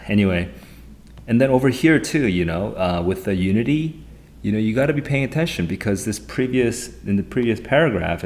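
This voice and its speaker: Low-voiced man rambling through a live tutoring stream. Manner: excitable, rambling, thinks aloud. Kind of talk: live-streamed test walkthrough.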